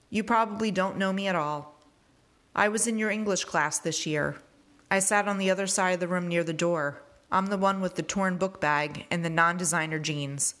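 Woman reader doing a wistful, studious teen boy, slightly low voice. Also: fairly bright tone, close to an everyday voice. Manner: reflective, measured. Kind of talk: reading a novel aloud.

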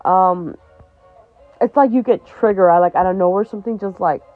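A woman's voice: lowish voice, normal speed, no room sound, soft background music. A young woman hosting a podcast, talking candidly and bluntly, swearing often and laughing between heavy points. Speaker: podcast host. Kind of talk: candid personal talk. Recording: dry, tinny phone-like sound.

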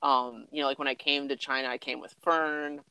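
A young man in relaxed conversation, easygoing and laughing as he tells loose stories. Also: mid-range voice, fairly quick, smooth, dry recording, rough recording. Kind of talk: casual chat.

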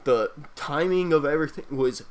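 A man's voice: a little high, lively intonation, moderate pace, clear, resonant tone. A young man in casual chat with friends, laid-back and chiming into the story. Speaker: co-host.

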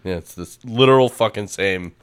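A man with a very low, deep voice trades crude jokes in loose podcast banter. He swears freely and keeps the talk casual and offhand. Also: normal speed, smooth. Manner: crude, joking, swears a lot. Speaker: podcast co-host. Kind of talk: casual chat.

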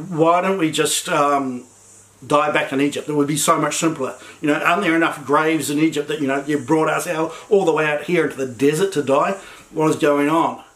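A man's voice: a little high, poor audio. A man preaching a sermon in a conversational way, often repeating words as he goes.

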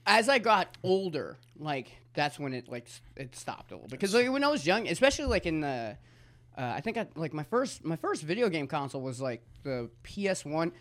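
A man with a high voice that swings widely up and down, chatting as a podcast guest. He is a comedian who tells stories with loose, slangy, profane energy in a podcast studio. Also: fairly quick. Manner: animated, profane, slangy storytelling. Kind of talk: casual podcast chat.

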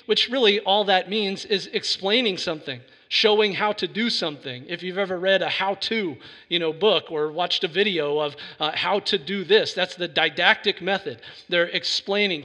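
A man's voice: sits high, sharp tone. A man giving an earnest sermon as a pastor, building to emphatic preaching. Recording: reverberant hall sound.

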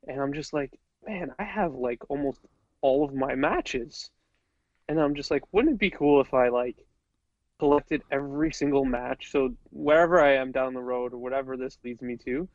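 A man's voice: medium pitch, no echo, dull audio. A man, a guest on a podcast, chatting earnestly with many fillers. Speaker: podcast guest, pro wrestler. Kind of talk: casual podcast chat.

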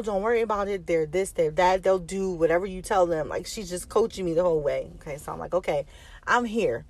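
A woman's voice: fairly low pitch, darkish tone. A woman, a mother, telling a personal story in a candid, rambling way, repeating herself and swearing casually.

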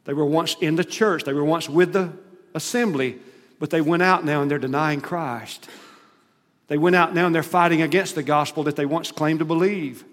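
A man preaching a sermon, retelling scripture with dramatic, rising emphasis. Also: on the high side. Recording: long hall reverb.

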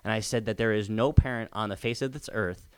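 Dad doing a solo podcast, earnest and emphatic, repeats himself, gets fired up and high when he pushes a point. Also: a little fast, smooth. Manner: builds to excited high-pitched urging. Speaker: podcast host and father. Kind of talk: motivational solo podcast talk.

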